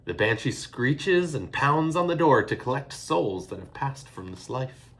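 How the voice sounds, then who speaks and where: A man's voice: mid-range voice, big pitch swings, measured pace, fairly bright tone, voice pushed up. A man voicing a jovial father who exclaims and spins playfully spooky tales. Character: jovial father, a lively storyteller.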